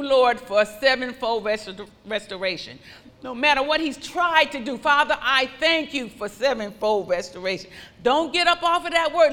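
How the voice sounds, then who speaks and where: Fervent woman preacher, bright voice. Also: sits high, expressive, moderate pace, long reverb tail. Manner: fervent, repetitive declarations, rising to shouted praise. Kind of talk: sermon.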